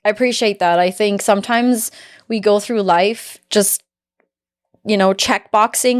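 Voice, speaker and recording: A woman in her forties hosting a podcast, talking in a reflective, heartfelt way and often pausing to search for words. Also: medium pitch. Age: 40s. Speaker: podcast host. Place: podcast studio, seated across from guest.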